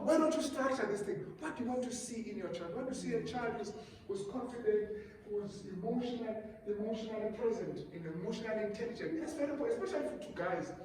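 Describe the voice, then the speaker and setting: A South African pastor with an isiXhosa-speaking accent preaches to couples in a fairly high voice. He is animated and often repeats words as he talks. He sounds far from the mic in a very echoey conference room. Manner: animated, repeats words, mimics a parent calming a child. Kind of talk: sermon at a couples retreat. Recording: roomy hall, voice from far off.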